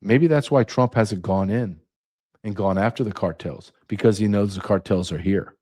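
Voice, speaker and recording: A man's voice: fairly low pitch, moderate pace, dark tone. Heated, sarcastic American man host. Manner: heated, sarcastic, rhetorical questions. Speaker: podcast host. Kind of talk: ranting monologue.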